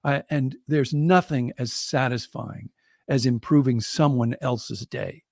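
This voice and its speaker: Guy with a gravelly voice telling a story on a podcast, dry close sound. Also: medium pitch, a little slow, no room sound. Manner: reflective, animated when quoting others. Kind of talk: conversational storytelling.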